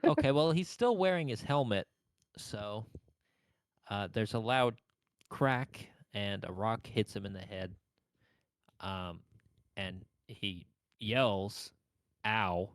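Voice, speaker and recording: Young guy running a tabletop game, slow and halting, lowish voice, dry close mic, lots of uhs. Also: expressive, dry recording. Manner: slow, hesitant, filler-heavy. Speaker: game master.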